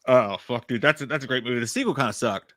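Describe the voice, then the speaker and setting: A man's voice: mid-range voice, quick pace, pushed and bright, no echo, studio quality. A man co-hosting a podcast in laid-back, profane casual banter, laughing often. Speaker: podcast co-host.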